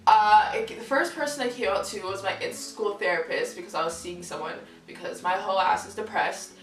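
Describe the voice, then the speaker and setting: A woman's voice: medium pitch, a little fast, fairly bright tone, recorded from a distance. Young woman, candid vlog storyteller, swears freely, acts out quoted people, recorded roomy and off-mic with faint music. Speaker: vlogger. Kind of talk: casual storytelling to camera.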